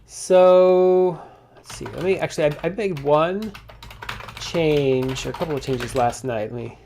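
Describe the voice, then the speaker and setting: A man's voice: a little high, measured pace, vocal fry, noisy background. Man rambling through a coding log. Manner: rambling, thinking aloud with many restarts. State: slightly out of breath. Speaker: software developer streaming his coding. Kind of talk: casual spoken coding log.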